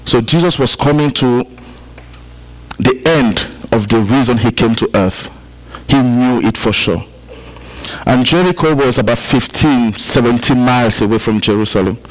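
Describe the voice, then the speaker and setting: A man's voice: medium pitch, normal speed, low-quality recording. A man from Africa preaching a sermon to a congregation, repeating key points for emphasis and chatting with the listeners. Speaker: pastor. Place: church service.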